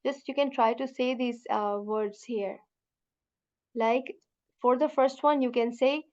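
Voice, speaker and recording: A woman teaching a beginner Quran Arabic lesson, patiently saying each sound slowly and repeating it for students to copy, and calling her students sister. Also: on the high side, steady tone, a little mellow, highs cut off.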